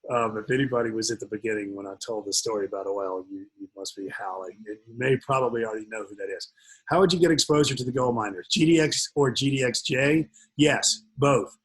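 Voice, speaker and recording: Male webinar host, husky voice, rambling jokey delivery full of fillers. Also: mid-range voice, brisk, rough recording. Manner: rambling, joking, many fillers. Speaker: webinar host and investment speaker. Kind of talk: casual webinar talk with jokes.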